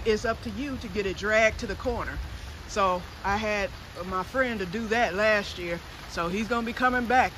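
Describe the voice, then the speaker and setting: With slight background noise, a vlogger in their fifties chats to camera in a wooded yard, drifting between topics in a rambling way. The voice is mid-range with a fairly bright tone.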